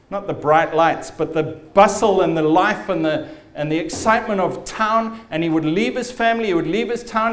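Man, pastor, sermon, emphatic storytelling, slightly high pitch, echoey church hall.

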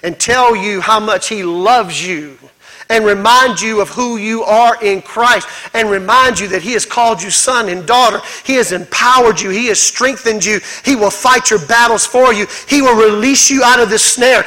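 A man preaching a sermon as pastor, fervent and rhythmic, piling up repeated phrases and building to shouts. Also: high-pitched, normal speed, rough recording. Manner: repetitive rhythmic exhortation.

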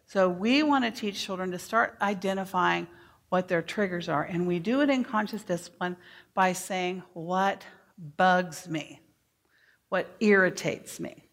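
A middle-aged woman giving a workshop to teachers, speaking deliberately and modeling phrases for the audience to repeat. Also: on the low side, a bit bright. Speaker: early childhood educator giving a workshop.

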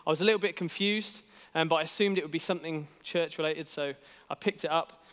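Chatty young man with a clear, ringing voice in a hall. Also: on the high side, quick pace, fairly bright tone. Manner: self-deprecating, chatty, with many fillers and restarts. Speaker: youth worker giving a church talk. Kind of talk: casual storytelling sermon. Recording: hall reverb.

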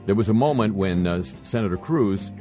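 An older man with a very low voice hosts a radio show, reading news items with a dry, sardonic edge. He halts often with fillers and restarts. Faint music sits behind him. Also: lively intonation, brisk. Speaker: radio host. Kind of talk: satirical radio commentary.

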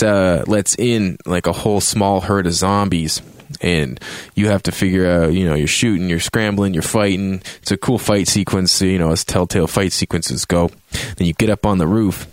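A man's voice: deep voice, dry recording. A man reviewing a video game in a rambling, casual way, swearing often and acting out reactions in a raised voice.

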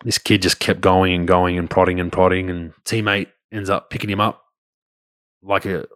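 A man's voice: sits low, little pitch movement, normal speed, fairly bright tone, no echo, studio quality. A man with an Australian accent telling a story in a loose, conversational way, often restarting his sentences and swearing casually.

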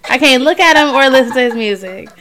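Woman cohost, blunt and dry, slangy, fairly high voice. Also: animated, fast talker, sharp tone. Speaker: podcast co-host. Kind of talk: casual chat.

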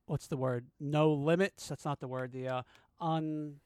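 A higher-voiced man co-hosting a book podcast. He talks casually and often stops to hunt for the right word. The sound is close and dry. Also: steady tone, unhurried, darkish tone, clean tone, no echo. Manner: hesitant, searches for words. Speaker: podcast co-host. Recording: dry close mic, remote call.

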